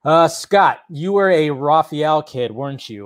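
A man's voice: fairly high pitch, expressive, a little slow, hardly any pauses. A man hosting a casual film news livestream, reading out viewers' chat questions and answering them in a loose, rambling way with free swearing. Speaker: film news channel host.

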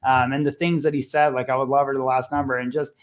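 A middle-aged man, a parenting coach appearing as a podcast guest, speaking conversationally and telling a family story with animated voices for each character. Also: medium pitch, fast. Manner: animated, acts out voices in his stories.

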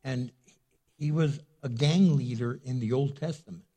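A man's voice: mid-range voice, normal speed, warm tone. A man preaching a sermon as pastor, retelling a story in a casual way with many restarts.

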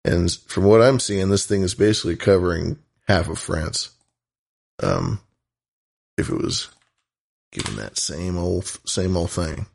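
Male podcast host from the US West Coast, low and gravelly, rambling and playful. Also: measured pace, long pauses, a little mellow. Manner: rambling, playful, many restarts. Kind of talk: casual chat.

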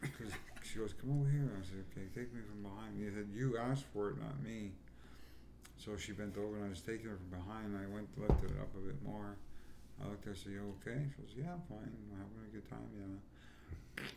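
A man's voice: on the low side, steady tone, a little fast, gravelly. A man telling crude, rambling stories in a casual podcast chat. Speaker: podcast co-host. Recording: echoey room with noise.

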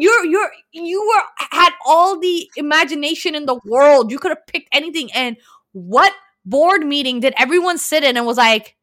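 A woman co-hosting a casual chat, animated, teasing her co-host and ranting with emphasis. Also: high voice, normal speed.

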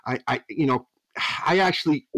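A man, a veteran pitching coach, telling rambling stories as a podcast guest, with frequent restarts and 'you know's. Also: normal speed, a bit bright, no echo, low-quality recording. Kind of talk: storytelling podcast interview.

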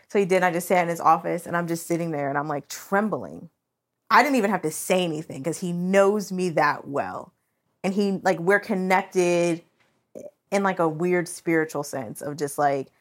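A woman co-hosting a podcast, telling a personal story candidly and with emotion, full of "like" fillers. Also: deep voice. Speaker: podcast co-host.

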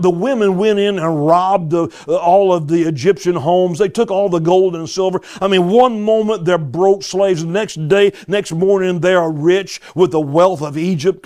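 A man's voice: high-pitched, darkish tone. A man preaching a sermon, reading scripture and exhorting his listeners. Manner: emphatic, exhorting, with repeated interjections to the audience.

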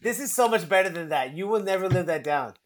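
A man hosting a podcast in casual chat, excitable, laughing often, swearing and restarting his sentences. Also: high-pitched, fast, a loud crowd. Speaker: podcast host.

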